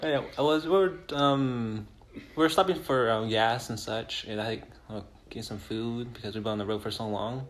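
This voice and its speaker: Easygoing man, halting casual speech. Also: mid-range voice, slight background noise. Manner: easygoing, hesitant, many fillers. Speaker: podcast co-host. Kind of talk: casual chat.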